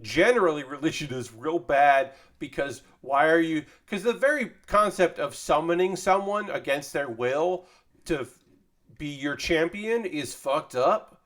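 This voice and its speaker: A streamer who builds model kits chats casually on a live stream while assembling one, rambling with plenty of fillers. His voice is fairly high and bright, expressive, and a little slow.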